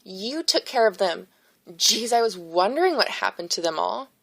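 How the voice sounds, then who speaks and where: A woman's voice: medium pitch, very animated, gravelly, fairly bright tone, full character voice. A woman voicing a brash teenage girl heroine who speaks bluntly and sarcastically in an audiobook. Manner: blunt, sarcastic, quick to snap.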